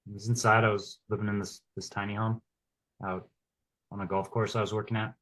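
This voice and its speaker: A man taking part in a coaching workshop, sharing a personal story in a halting way with many restarts. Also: on the low side, flat delivery, a bit bright, poor audio. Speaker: workshop participant.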